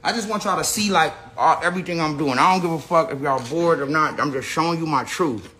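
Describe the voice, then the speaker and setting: A man's voice: a little high, quick pace, pushed and bright. A man ranting unscripted to his viewers, profane and rambling, often restarting his sentences. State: says he is high. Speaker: person telling his side of a story.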